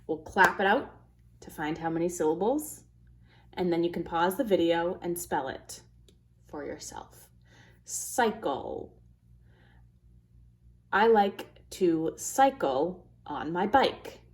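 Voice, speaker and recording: Slow, careful woman teaching phonics. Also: lowish voice, lively intonation. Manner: slow, careful, sounding out words. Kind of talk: phonics lesson for children.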